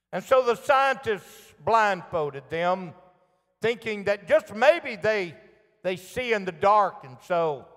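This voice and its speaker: A man preaching a sermon, telling stories and acting out shouted echoes and quoted voices. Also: sits high. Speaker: pastor. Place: church sanctuary. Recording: long reverb of a church hall.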